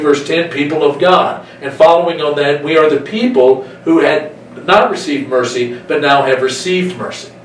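A man preaching a sermon, emphatic, slowing down to stretch out key phrases. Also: on the high side, slight background noise. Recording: echoey room, voice from some distance.

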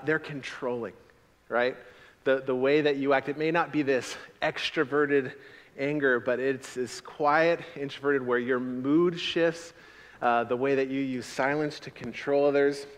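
A man preaching a sermon as a pastor, in a conversational, animated way with frequent repetitions. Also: mid-range voice, long reverb tail.

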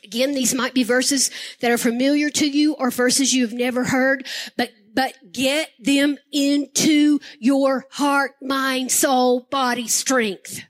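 A woman's voice: sits high, fairly even intonation, takes it slowly. An older woman pastor preaching a sermon with impassioned, emphatic repetition.

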